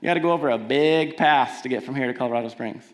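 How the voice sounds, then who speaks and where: A man's voice: medium pitch, fast, voice pushed down, natural voice. A man playing an insistent rental car salesman who exaggerates his warnings, told on stage. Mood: pushy. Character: pushy male car rental salesman, middle-aged.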